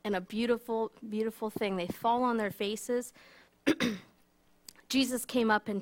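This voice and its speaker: A woman telling a Bible story in a casual, animated way, full of fillers and asides, as a teacher. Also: on the high side, measured pace. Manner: chatty, animated, many fillers.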